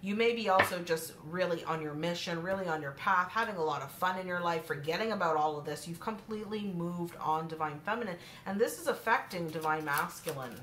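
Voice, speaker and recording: Woman, tarot reader, somewhat low voice, chatty and direct with viewers; echoey room, card shuffling heard behind. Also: brisk, hardly any pauses, fairly bright tone. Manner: chatty, addresses viewers directly, breaks into laughter. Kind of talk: casual spoken tarot reading. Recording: echoey room with clear background noise.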